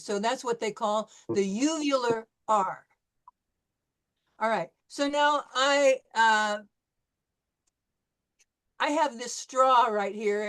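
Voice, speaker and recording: A woman teaching French in a class lecture, explaining patiently and often checking in with "okay?". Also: fairly high pitch. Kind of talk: online language class lecture.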